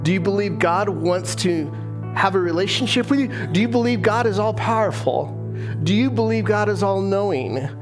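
A male pastor preaching a sermon in church, animated and retelling scripture in lively voices. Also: sits high, normal speed, music in the background.

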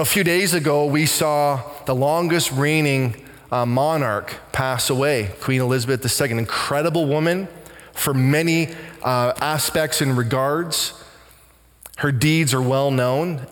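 A pastor delivers an earnest, heartfelt sermon, his fairly high voice circling back on words as he searches for them. The sound carries a long reverb from the church around him. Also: steady tone, unhurried.

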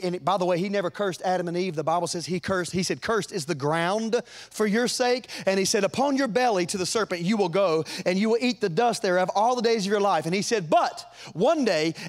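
A man preaching a sermon, fervent and folksy, climbing to loud peaks and dropping to quiet asides. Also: a little fast. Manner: fervent, rises to shouts then drops low; folksy, repeats words.

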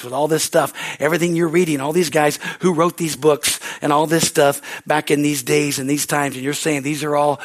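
Male pastor, fervent sermon, hallelujahs, raised fairly high voice. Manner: rising into excited preaching with hallelujahs.

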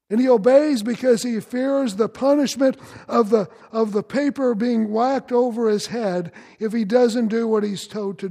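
A man's voice: sits high, gravelly, dark tone, long reverb tail. A man preaching a sermon as pastor, earnest and direct, questioning his congregation.

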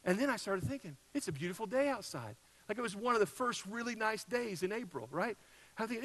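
A man preaching a sermon, telling a personal story in a conversational way, with loud peaks and soft drops. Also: high voice, lively intonation, fairly quick, low-quality recording. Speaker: pastor.

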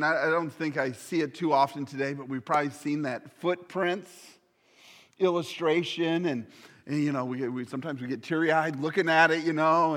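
An earnest male pastor delivers a sermon in a slightly higher-pitched voice. He sometimes sinks to a near whisper on key words. The sound carries a long hall reverb. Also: fairly bright tone.

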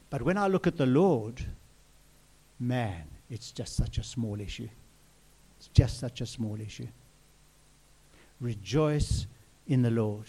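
Gelassener Prediger mit warmer Stimme. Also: male voice, medium pitch. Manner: earnest, repeats phrases, asks the listeners questions. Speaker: preacher. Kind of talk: sermon.

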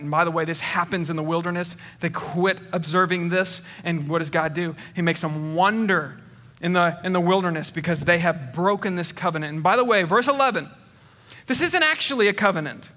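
Preacher, male, high and bright, lively storytelling, reverberant church. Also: fairly quick. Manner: animated, acts out voices in his stories, restarts often. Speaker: pastor. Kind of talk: sermon. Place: church auditorium.

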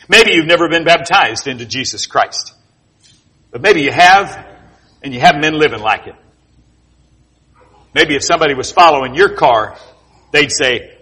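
A man preaching a sermon, telling animated, jokey stories with sound effects. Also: on the high side, moderate pace, long pauses, slightly rough. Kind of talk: sermon with storytelling.

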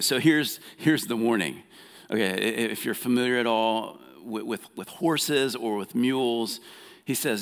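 A man preaching a sermon in an earnest, conversational way, often repeating words as he restarts and softening when he paraphrases God. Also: fairly low pitch, unhurried, vocal fry. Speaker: pastor. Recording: long hall reverb.

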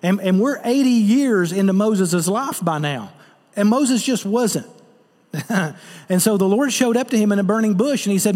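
A man's voice: high voice, expressive, normal speed, darkish tone, big-room sound. A man preaching a sermon as pastor, earnest and direct, putting rhetorical questions to the congregation.

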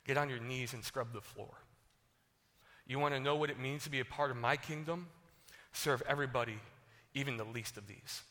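A patient, gently chiding teacher speaks low and earnest, as a male preacher puts him on. The voice drops well below the speaker's usual pitch and stays soft and hushed. Long reverb from a large hall trails behind each phrase. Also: moderate pace, pauses often, close to an everyday voice.

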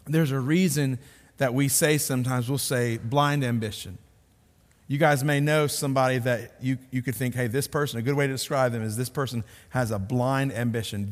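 A man preaching a sermon as a pastor, earnest and repeating words for emphasis, sometimes dropping low and quiet to stress a point. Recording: long reverb of a large hall.

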